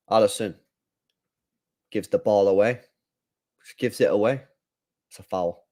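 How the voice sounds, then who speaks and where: Speaking at a measured pace with frequent pauses and a fairly low pitch, a man hosts a live football watch-along. He reads out chat, chats in casual slang, and breaks into excited outbursts as the play heats up.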